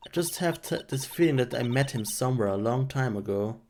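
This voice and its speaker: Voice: mid-range voice, lively intonation, brisk, a little mellow, a little hiss or hum, natural voice. A streamer voicing an earnest young male defense lawyer who speaks hesitantly, reading game dialogue aloud.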